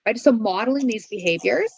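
A woman's voice: a little high, expressive, a little fast, vocal fry, a little mellow, husky, no room sound, highs cut off. A woman giving parenting advice in an interview, earnest and coaching, asking many rhetorical questions and checking in with "right?". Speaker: parenting expert guest.

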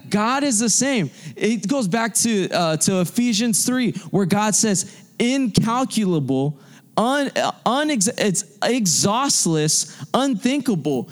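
Fervent high-voiced young man preaching. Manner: fervent, repetitive, restarts phrases for emphasis. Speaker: young adult ministry preacher. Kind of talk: sermon.

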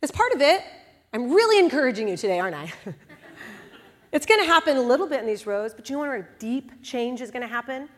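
A woman's voice: high voice, big pitch swings. Candid woman preaching in a reverberant hall. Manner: candid, conversational preaching with quick swings from hushed to loud. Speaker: speaker at a church service. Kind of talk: sermon.

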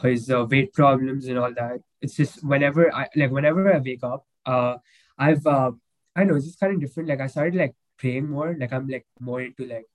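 A man's voice: medium pitch, a little fast, low-quality recording. A young man talking as a podcast guest in a casual, emotional chat. He rambles, with many fillers and restarts.

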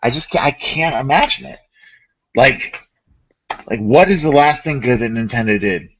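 A man co-hosting a casual gaming podcast, ranting in an animated, profane way. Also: mid-range voice, moderate pace, background noise. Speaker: podcast co-host.

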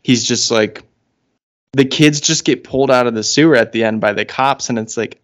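A man's voice: medium pitch, moderate pace, dull audio. A man co-hosting a podcast, chatting casually in a wry, rambling way with frequent fillers. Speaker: podcast co-host.

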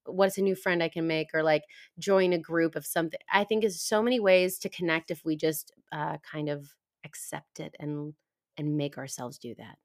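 Giggly woman, low voice. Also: moderate pace. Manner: giggly, animated, self-deprecating. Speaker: podcast guest. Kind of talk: casual conversation.

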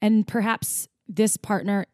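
A young woman from the US Midwest co-hosts a casual podcast and tells stories in an animated, chatty way. Her voice sits at a middle pitch. The close-mic recording is dry, with no room sound. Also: slow, no room sound. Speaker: podcast co-host. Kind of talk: casual chat.

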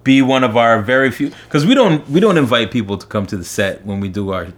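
A man's voice: mid-range voice, lively intonation, fairly quick. A young man co-hosting a casual livestream podcast. He greets viewers and plugs upcoming episodes in an upbeat way. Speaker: podcast co-host.

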